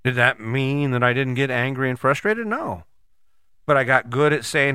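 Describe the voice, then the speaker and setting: A man's voice: mid-range voice, moderate pace, pushed and bright, clean tone, dry recording, studio quality. A middle-aged man talking in a blunt, folksy, casual monologue, telling stories with mild cursing.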